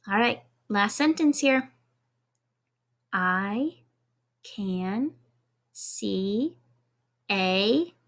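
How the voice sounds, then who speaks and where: Slow, bright-voiced kindergarten teacher woman. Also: fairly high pitch. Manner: encouraging, slow and clear, spells out letters one by one. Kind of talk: video lesson for young children.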